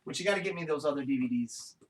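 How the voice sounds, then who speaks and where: A man hosting a podcast, chatting casually, telling stories in a rambling way, swearing, and loudly acting out quotes. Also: mid-range voice, rapid-fire, far from the mic. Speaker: podcast host. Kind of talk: casual chat.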